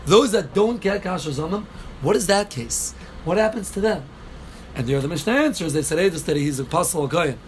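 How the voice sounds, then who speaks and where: Male teacher, high voice, methodical and repetitive, classroom lesson, light background noise. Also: expressive, fairly quick. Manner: explains step by step, repeats phrases, takes student questions. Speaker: Talmud teacher. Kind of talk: daily Talmud class.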